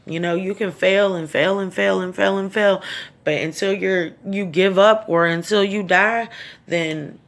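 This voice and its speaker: Gravelly-voiced woman fighting back tears. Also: medium pitch, fairly even intonation, unhurried. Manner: raw, tearful, profane, speaks from the heart. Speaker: vlogger. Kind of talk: emotional personal vlog.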